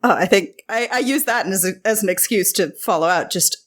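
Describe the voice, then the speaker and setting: A woman's voice: mid-range voice, brisk, a bit bright. A woman player talking casually and hesitantly at a tabletop game, with fillers.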